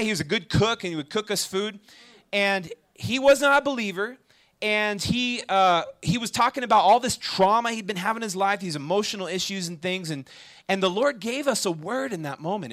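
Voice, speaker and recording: At a campus ministry meeting, a man gives a sermon in a high voice, talking a little fast. He keeps things lively and conversational, frequently checking in with the crowd through questions.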